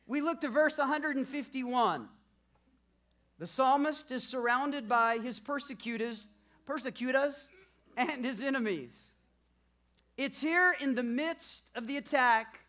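A pastor delivering a sermon in a bright, forceful voice. Mid-pitched and emphatic, the pastor repeats key lines with growing intensity, in the steady rhythm of pulpit preaching. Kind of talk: sermon with church announcements.

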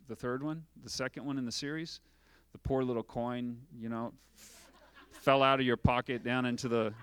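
A man's voice: mid-range voice, fairly bright tone, clear, resonant tone. A man preaching a sermon as pastor, asking rhetorical questions and acting out little dialogues.

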